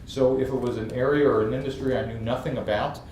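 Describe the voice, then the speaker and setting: Quick and medium-pitched, the New Yorker keeps the laughs coming as an entrepreneur guest, a lively storyteller in an interview on an event stage. The distant recording has an echoey room sound, faint ambience and a little hiss or hum.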